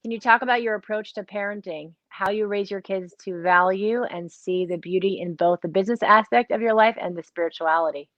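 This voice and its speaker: A woman hosting an interview, speaking in a warm, encouraging way. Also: mid-range voice, fairly quick, few pauses, dry recording, lo-fi sound. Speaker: interview host. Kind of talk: casual conversational interview.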